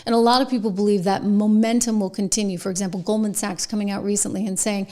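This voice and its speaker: Female host, emphatic and sarcastic news commentary, mid-pitched. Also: steady tone, fast, mellow.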